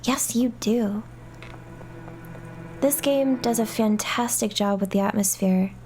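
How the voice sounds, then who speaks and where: A woman's voice: mid-range voice, takes it slowly, darkish tone, slight background noise. A woman hosting a let's-play, chatting and joking her way through a horror game. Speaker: gaming channel host. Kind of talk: playful let's-play commentary.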